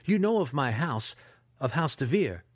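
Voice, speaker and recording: A man voicing a trapped young male dark elf student in an audiobook, indignant and pleading. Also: a little high, big pitch swings, a little slow, slightly rough, dry recording, clean studio sound, pitched above the performer's own voice, heavily acted. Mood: desperate. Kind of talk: audiobook character voice.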